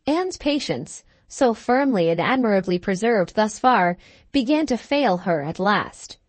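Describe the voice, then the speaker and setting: A woman narrating a classic novel with measured, even storytelling. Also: medium pitch, no room sound. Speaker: audiobook narrator. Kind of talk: scripted narration of a Victorian novel.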